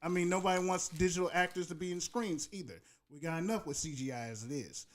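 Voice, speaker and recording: A man co-hosting a podcast in a loose, conversational way, his voice a little high for a man. He rants with passion, stacking phrases and circling back to repeat his points. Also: fast. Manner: impassioned, ranting, repeats "go ahead". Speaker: podcast co-host. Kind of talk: casual chat.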